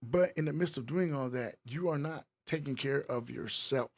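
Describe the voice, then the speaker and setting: Speaking at normal speed and medium pitch, this podcast host delivers a casual hosting monologue. He works the crowd with hype, asking for applause, and wanders repetitively through talk about mental wellness.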